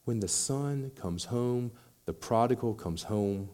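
A man's voice: mid-range voice, takes it slowly, warm tone. A man preaching a sermon, acting out quoted voices and building in intensity as he makes his points. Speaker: pastor.

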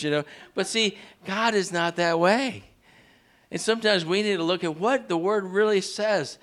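A man preaching a sermon in a church, leading the congregation in call-and-response and pushing his pitch up sharply on key words. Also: measured pace, a bit bright. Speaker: pastor.

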